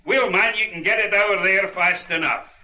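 A man's voice: high-pitched, moderate pace, bright, forceful tone. A man voicing a proud Scottish tour guide with a dry, teasing wit and a Scottish accent.

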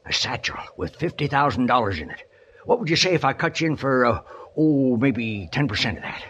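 An actor playing a grizzled, sly old outlaw with a broken leg, speaking in a gravelly Old West drawl with backwoods grammar, groaning and wheedling, in 1950s radio drama style. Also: male voice, mid-range voice, expressive, brisk, fairly bright tone, slight background noise, close to an everyday voice. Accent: American Old West drawl. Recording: dull old radio recording.

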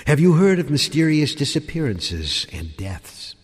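A man narrating a spooky story in a theatrical style that swells toward shouting at the climax. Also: on the high side, big pitch swings, unhurried, husky. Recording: reverberant hall with music beneath.

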